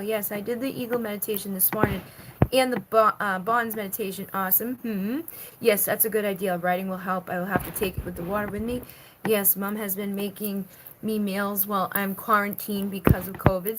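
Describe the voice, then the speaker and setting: On a noisy live stream, a woman with a mid-range voice does a tarot reading. She reads viewer comments aloud and chats her way through the cards, using plenty of fillers.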